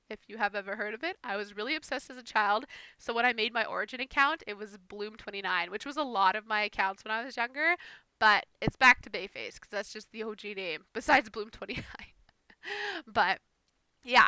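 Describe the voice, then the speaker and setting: A woman's voice: a little high, pushed and bright, clear, resonant tone, dry recording. A young woman rambling casually through a gameplay voiceover, a little nervous and self-conscious. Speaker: gaming streamer.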